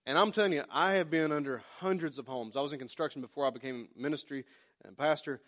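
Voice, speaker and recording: A pastor in his forties with a drawl delivers a sermon like a casual chat, slipping into little acted-out asides. His voice sits a touch high for a man. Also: fast talker, fairly bright tone. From Oklahoma. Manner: folksy, conversational preaching with acted-out asides.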